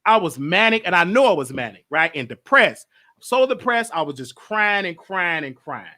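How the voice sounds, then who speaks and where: A male show host speaking in a high voice with a bright, forward tone. He rambles and circles back on the same words, and he talks openly and emotionally about his own mental health. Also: big pitch swings, normal speed. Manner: emotional, rambling, repeats himself. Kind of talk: casual monologue.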